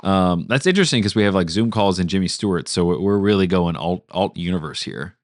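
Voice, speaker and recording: A man's voice: sits low, lively intonation, fairly quick, no echo, clean studio sound. A man co-hosting a storytelling podcast, brainstorming in casual chat, joking and laughing often, on a home mic over a video call. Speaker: podcast co-host.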